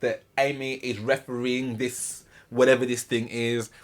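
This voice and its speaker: A man's voice: medium pitch, level tone, measured pace, lightly acted. A man voicing a defensive young man who sounds aggrieved and blunt.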